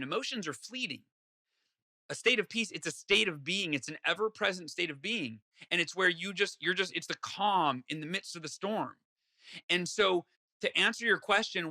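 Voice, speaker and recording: A man's voice: sits high, pushed and bright. A man being interviewed, speaking earnestly and acting out his own inner voice as he tells a story. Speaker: guest author. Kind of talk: conversational interview.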